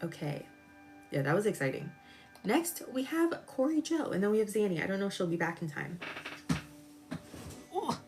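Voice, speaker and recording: A woman doing a live-stream tarot reading, chatty and expressive, jumping from excited squeals to low murmurs as she talks to her viewers. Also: normal speed, long pauses, faint music behind. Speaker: tarot reader.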